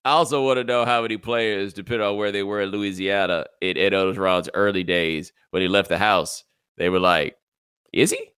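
Smooth-voiced man hosting a sports chat. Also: low voice, a little fast, no echo. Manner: chatty, lively storytelling. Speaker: podcast host.

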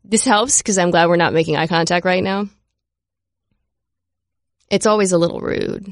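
A woman hosting a sports podcast in casual chat, playful and chatty with quick asides. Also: fairly low pitch, no room sound, clean studio sound. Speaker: podcast host.

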